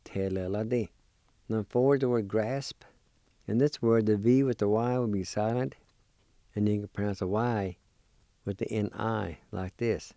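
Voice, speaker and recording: A man gives a patient vocabulary lesson, spelling each word letter by letter and saying it slowly. His voice sits a bit low, with a warm, mellow tone. The recording is close and dry. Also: fairly even intonation, gravelly, no echo. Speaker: language teacher. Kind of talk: slow spelling and pronunciation lesson.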